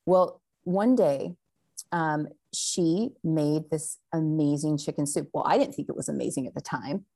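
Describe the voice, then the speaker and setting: A woman's voice: deep voice, unhurried, gravelly, dark tone. A woman guest on a faith talk show, telling a story animatedly and laughing often.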